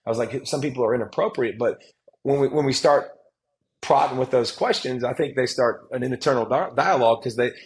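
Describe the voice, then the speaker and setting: Animated man telling stories. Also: medium pitch, a little fast, poor audio. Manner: animated, emphatic storytelling with frequent restarts. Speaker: guest, former football player and analyst. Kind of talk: casual podcast conversation.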